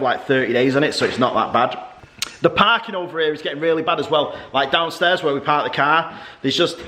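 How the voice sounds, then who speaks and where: A man's voice: mid-range voice, sharp tone, slight background noise. Rambling man in his forties. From England. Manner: rambling, matter-of-fact chat. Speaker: family vlogger. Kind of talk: casual vlog update.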